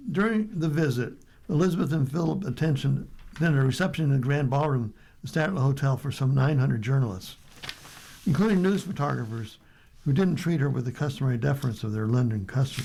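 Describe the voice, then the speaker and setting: A man with an American accent reading newspaper stories aloud for a radio reading service, steady and unhurried with light asides. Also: medium pitch, gravelly, poor audio.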